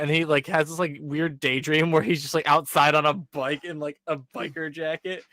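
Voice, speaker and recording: A man's voice: fairly high pitch, moderate pace, no room sound. A young man casually recapping an episode on a podcast, acting out the characters' lines with lots of fillers. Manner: animated storytelling, acting out characters' lines with many "um" and "like". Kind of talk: casual chat.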